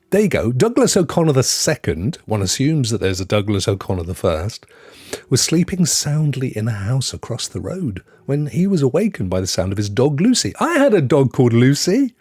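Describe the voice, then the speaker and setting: A man's voice: medium pitch, big pitch swings, moderate pace, darkish tone, husky, no room sound, studio quality. A middle-aged man hosting a live stream, chatting casually with rambling asides and frequent laughs as he reads out good news stories.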